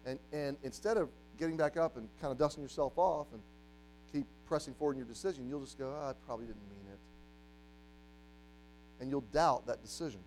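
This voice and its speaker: A man preaching a sermon to a congregation, telling a story and moving from quiet, hushed passages to loud, emphatic ones. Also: a little high, fast talker, soft background music, low-quality recording. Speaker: pastor. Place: church.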